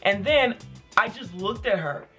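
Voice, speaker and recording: A young adult vlogger telling childhood stories in casual, animated chat, full of "like". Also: medium pitch, measured pace, faint music behind. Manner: animated, filler-heavy with frequent "like". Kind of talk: casual storytelling to camera.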